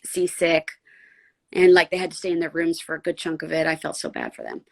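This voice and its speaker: A woman's voice: deep voice, flat delivery, brisk, vocal fry. A woman voice actor from San Diego, chatting casually as a guest with lots of "like" fillers. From San Diego, USA. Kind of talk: casual podcast chat.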